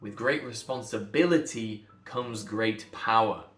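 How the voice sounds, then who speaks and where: With a fairly low but bright voice and a measured pace, a man gives a direct-to-camera pronunciation lesson. Blunt and emphatic, he hammers points home through repetition, while faint music sounds in the echoey room.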